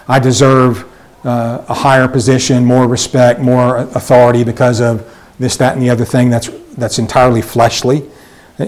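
A man's voice: mid-range voice, darkish tone, rough recording. A man teaching a Bible study lesson, reading verses and explaining them in a loose, conversational way with many fillers and restarts.

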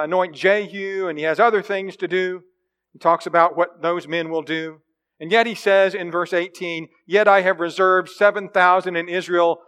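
A man's voice: high voice, a bit bright, clear, resonant tone. A man preaching a sermon in a conversational way, reading scripture and then explaining it, often asking his listeners questions. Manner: reads scripture then explains, voice rising and dropping.

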